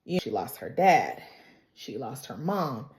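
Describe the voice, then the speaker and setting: A woman's voice: rumbling low, sing-song, a little slow, darkish tone, echoey room. A woman recapping a TV drama in a casual, emotional, storytelling way, a bit stuffy from crying. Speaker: TV recap reviewer.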